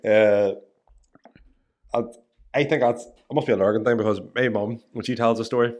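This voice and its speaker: Relaxed male podcast host. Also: medium pitch, normal speed. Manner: relaxed, laughs along, asks short questions. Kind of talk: casual podcast interview.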